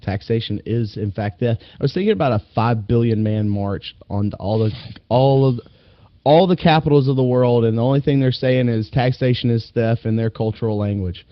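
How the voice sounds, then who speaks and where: Brief: mid-pitched male co-host, loose and profane, laughs a lot, dry lo-fi audio. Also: moderate pace, no echo. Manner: rambling, laughs often, profane. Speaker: podcast co-host. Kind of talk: casual political chat.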